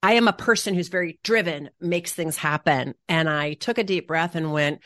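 A woman co-hosting a podcast thinks aloud in a relaxed, reflective way, at times searching for words. Her voice sits low for a woman. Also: brisk, few pauses. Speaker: podcast co-host. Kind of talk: casual chat.

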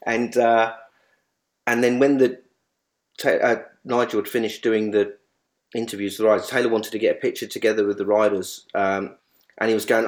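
Halting man sharing fond memories. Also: fairly low pitch, flat delivery. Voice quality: halting, many restarts and repeats. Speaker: speedway journalist. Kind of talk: emotional tribute reminiscence.

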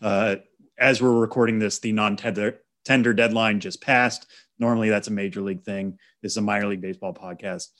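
Podcast co-host, male, lower voice, methodical stat-laden explainer. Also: fairly even intonation, a bit bright. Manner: measured, stat-heavy explaining. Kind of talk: casual sports chat.

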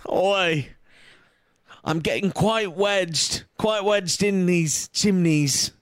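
A man voicing a bumbling, mournful male chimney sweep with an exaggerated Cockney accent, talking briskly. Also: high-pitched, no echo, studio quality. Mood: mock-mournful. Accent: put-on Cockney. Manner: brisk, exaggerated, self-pitying clowning.

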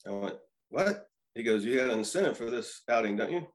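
A man in his fifties, a former pitcher, telling stories as a podcast guest and acting out quoted lines. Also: expressive, fairly quick. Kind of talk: casual storytelling.

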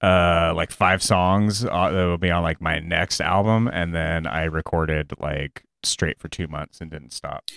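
A low-voiced man with a smooth, resonant tone chats casually as a musical guest. His words come dry and close, and he jokes and lets his thoughts trail away. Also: steady tone, measured pace, hardly any pauses, fairly bright tone, no echo. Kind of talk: casual podcast chat.

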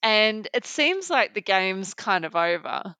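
A woman's voice: medium pitch, big pitch swings, takes it slowly, bright, forceful tone, smooth, dry recording. Chatty Australian woman, dry close sound. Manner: chatty, enthusiastic, thinks aloud with fillers. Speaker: podcast co-host. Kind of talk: casual chat.

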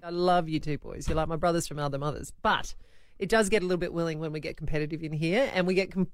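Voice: mid-range voice, fast. A radio host bantering playfully with co-hosts and often laughing.

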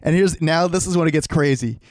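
A man tells a story with a lot of energy, acting out voices and swearing freely in loose podcast chat. His voice sits fairly high, and it was recorded close and dry, with almost no room sound. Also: fairly quick, no echo. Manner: animated, swears freely, acts out quoted voices. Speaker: podcast co-host. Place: home.

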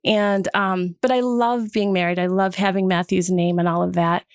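Lively woman in her fifties from Wisconsin. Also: on the low side, moderate pace, clean tone, no echo, clean studio sound. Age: 50s. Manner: lively storyteller, acts out quoted voices. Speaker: podcast guest sharing her story. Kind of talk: casual group conversation.

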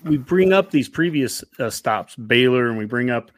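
A man's voice: medium pitch, expressive, moderate pace, a little hiss or hum. A man hosting a podcast, putting questions to his guests in casual chat. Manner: leading questions, short backchannels. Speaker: podcast host.

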